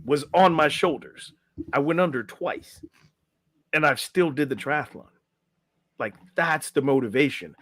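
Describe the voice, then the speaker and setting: Animated male storyteller, dry close sound. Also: on the high side, a little slow, pauses often, dry recording. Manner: animated storyteller acting out quotes, filler "right?". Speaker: podcast guest, health and life coach. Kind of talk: casual storytelling interview.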